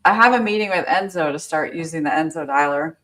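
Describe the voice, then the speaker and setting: A woman's voice: low voice, fast talker, crowd noise. A woman hosting a live prospecting session on a video call, talking casually, brash and joking as she rallies her team. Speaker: real estate agent hosting a prospecting session.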